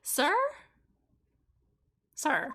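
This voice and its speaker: A woman voicing an exasperated young male lawyer from a game, firing off quick retorts. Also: bright, forceful tone, slight background noise. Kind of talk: reading game dialogue aloud. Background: game music.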